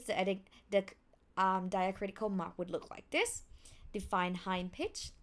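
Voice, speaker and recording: Slow-paced Thai-accented woman teaching. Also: fairly bright tone. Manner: demonstrates sounds with big pitch swings. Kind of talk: pronunciation lesson.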